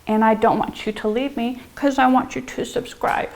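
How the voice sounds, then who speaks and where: A woman's voice: on the high side, steady tone, moderate pace, creaky, few pauses. A middle-aged woman giving a playful piano lesson, bubbly and theatrical, chanting rhymes in a sing-song way and dropping into whispers. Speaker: piano teacher.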